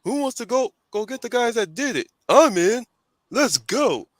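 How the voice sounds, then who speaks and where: A man voicing a rowdy henchman goon in a raised, high voice. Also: expressive, normal speed, a bit bright, no echo, exaggerated voice. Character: excitable male henchman goon.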